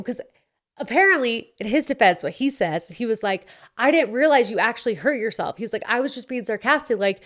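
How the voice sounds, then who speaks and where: A young woman from the United States, hosting a podcast and telling a story in an animated, chatty way, acting out what people said. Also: a little high. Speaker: podcast host. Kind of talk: casual storytelling chat.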